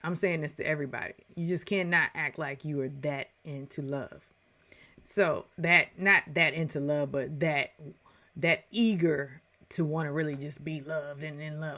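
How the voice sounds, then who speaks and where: A woman commenting on a reality show in a casual, opinionated rant, animated and quick to act out other people's lines. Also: sits low. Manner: opinionated, animated, puts on voices when quoting.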